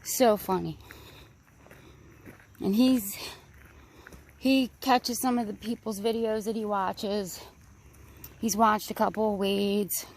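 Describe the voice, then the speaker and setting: A woman vlogging as she walks a wooded park trail, chatty, rambling and excitable, a little out of breath. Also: mid-range voice, slow, pauses often. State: slightly out of breath. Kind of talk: casual walking vlog narration. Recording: outdoor recording, crickets and faint background noise.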